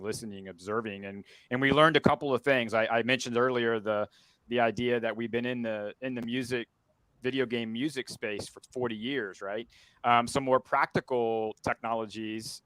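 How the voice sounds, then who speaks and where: A man on a webinar panel speaking into a headset boom mic over a video call, halting and full of restarts. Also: fairly bright tone, clear, resonant tone, dry recording, low-quality recording. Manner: halting, many restarts and fillers. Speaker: company representative on a panel.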